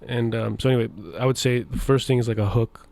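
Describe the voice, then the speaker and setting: A young man telling stories in a casual podcast chat, animated and laughing as he acts out what others said. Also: mid-range voice, quick pace, creaky. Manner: animated, acts out quoted voices, laughs often. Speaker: podcast guest, media founder.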